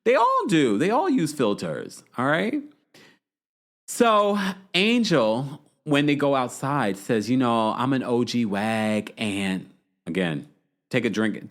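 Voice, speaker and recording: Male recap host, casual chat, lively swooping pitch, playful quote voices. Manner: animated, playful, mimics quotes with pitch jumps. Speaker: podcast host recapping reality TV.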